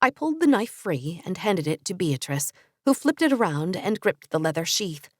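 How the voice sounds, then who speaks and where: A woman narrating a fantasy audiobook in first person, expressive storytelling. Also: lowish voice, moderate pace, no room sound, clean studio sound.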